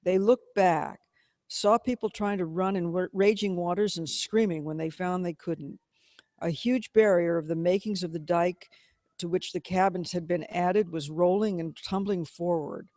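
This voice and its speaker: A man giving a measured, dramatic reading of a novel. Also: high voice, steady tone, darkish tone, no room sound, clean studio sound. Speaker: reader.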